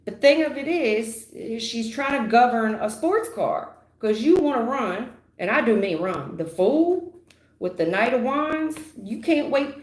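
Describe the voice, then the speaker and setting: A woman's voice: fairly high pitch, lively intonation, unhurried. Woman, tarot reader on a livestream, emphatic and repetitive, casual slang, roomy echo. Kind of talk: live tarot reading.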